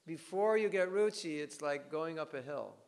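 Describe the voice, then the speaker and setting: A man leads a devotional class in a lecture hall. His somewhat high voice has a gravelly edge, and long reverb trails each phrase. He tells stories in an animated way and slips into bits of acted dialogue. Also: moderate pace. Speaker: teacher giving a scripture class.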